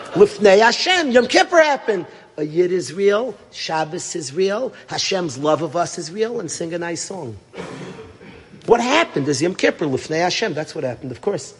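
A long reverb tail follows this fairly high, husky voice. He's a middle-aged yeshiva rabbi telling a story in his sermon, emphatic, full of rhetorical questions, and moving between loud and hushed.

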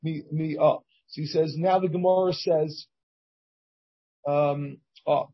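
A man's voice: on the high side, steady tone, takes it slowly, muffled recording. A man teaching a Talmud class as the rabbi, reading the text aloud and translating it line by line, often restarting his phrases. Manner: reads Hebrew and Aramaic text and translates it, with many restarts.

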